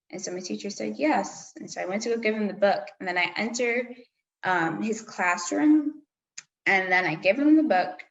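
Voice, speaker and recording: A woman's voice: on the low side, vocal fry. A teenage girl telling a candid personal story as a student panelist, acting out what others said. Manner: candid, storytelling with acted-out quotes. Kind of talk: personal account at a panel discussion. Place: public library meeting room. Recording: roomy library hall.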